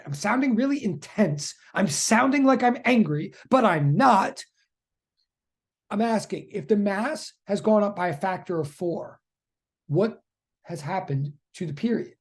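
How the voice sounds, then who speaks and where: A physics teacher giving a live online lecture, chatty and excitable, often repeating questions to students in the chat. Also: medium pitch, measured pace.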